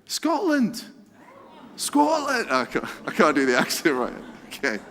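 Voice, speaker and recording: An excitable, chatty man, giving a lively church talk that includes a quiz. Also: mid-range voice, fast talker. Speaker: preacher. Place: church hall. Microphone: handheld microphone. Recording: reverberant hall sound.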